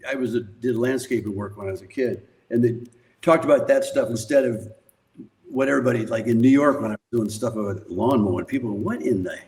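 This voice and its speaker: A man's voice: mid-range voice, brisk, darkish tone, low-quality recording. An older man, a podcast guest, telling rambling, profane anecdotes in casual conversation and laughing often. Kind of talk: casual storytelling.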